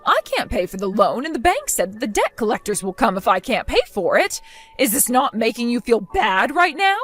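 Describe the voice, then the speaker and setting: A spiteful, domineering older mother-in-law, voiced by a woman, hurling insults and accusations. Her voice sits fairly high and swings widely in pitch. She talks down to everyone with open contempt. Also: very animated, a little fast, fairly bright tone, soft background music. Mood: demanding.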